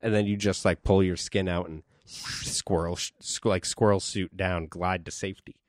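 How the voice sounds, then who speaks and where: A man's voice: low-pitched, fairly even intonation, normal speed, no echo, clean studio sound. A man co-hosting a podcast in a casual, joking chat, riffing and swearing freely. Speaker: podcast co-host. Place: podcast studio.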